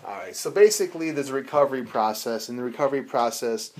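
A man teaching a recovery group in a casual, animated way, acting out bits of dialogue and swearing now and then. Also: medium pitch, fast talker, a little hiss or hum. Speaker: recovery class instructor.

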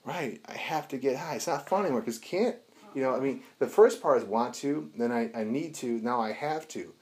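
A man leads a recovery group with an easy, animated way of talking. He tells stories, acting out the voices in his scenes and cursing casually. His voice sits at an ordinary, middling pitch. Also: brisk. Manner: animated, acts out dialogue, casual swearing. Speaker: recovery class instructor. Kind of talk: teaching a group, storytelling.

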